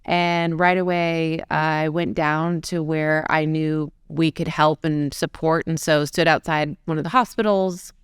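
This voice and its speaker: A woman's voice: low voice, fairly even intonation, clear, resonant tone, no room sound, clean studio sound. A woman in her forties, a fashion designer, telling stories from her career in a casual interview. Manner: conversational, quick anecdotes with acted-out quotes.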